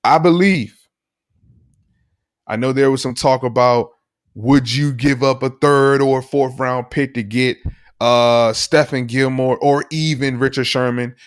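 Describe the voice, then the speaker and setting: A man co-hosting a casual sports talk stream, animated and enthusiastic. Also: mid-range voice, unhurried, smooth, dry recording, clean studio sound. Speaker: podcast co-host.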